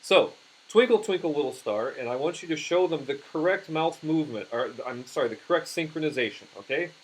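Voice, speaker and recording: A man teaching puppetry in an instructional demonstration, talking haltingly with frequent restarts. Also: fairly high pitch, animated, poor audio.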